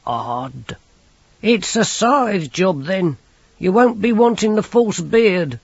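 A grim reaper, voiced by a male narrator, speaks in a dry, matter-of-fact way. His tone is a little husky and close to the mic. The recording sounds dull. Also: high-pitched, animated, takes it slowly, no room sound, voice pushed up, exaggerated voice. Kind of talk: audiobook character voice.

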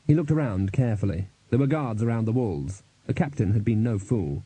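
Dark-voiced male audiobook narrator. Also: fairly low pitch, lively intonation, slightly rough, dry recording, low-quality recording. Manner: dry, measured storytelling.

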